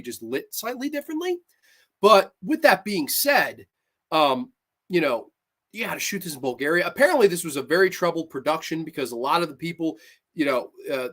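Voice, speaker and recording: A man's voice: on the high side, a bit bright. Man, livestream host, heated profane rant, casual chat, reads viewer comments. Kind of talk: live movie review chat.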